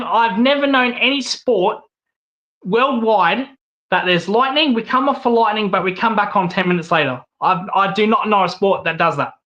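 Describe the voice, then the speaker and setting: Man, Australian accent, angry profane rant, high-pitched, slightly dull lo-fi sound. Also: pushed and bright. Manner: profane, repetitive ranting. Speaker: host.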